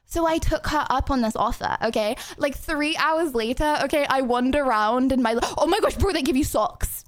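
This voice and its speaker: A woman's voice: sits high, animated, fairly quick, few pauses, a bit bright, dry recording. A young woman streaming in casual chat, rambling and chatty with lots of filler words.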